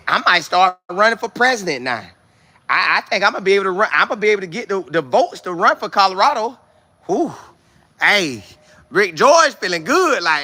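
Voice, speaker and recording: A man talks animatedly to his livestream chat and answers viewers as he goes. His voice is very bright and sits a little high. The delivery is loose, casual commentary. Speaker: livestream host.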